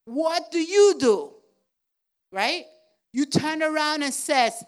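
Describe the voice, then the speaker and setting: A woman pastor preaching a lively sermon, swinging from loud, excited calls to hushed, near-whispered lines and acting out little voices. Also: high-pitched, slow.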